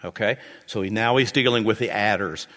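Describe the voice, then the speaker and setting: Low-voiced male pastor in a reverberant church. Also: brisk, bright, forceful tone. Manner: conversational, repeats himself and restarts phrases. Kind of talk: sermon. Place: church sanctuary.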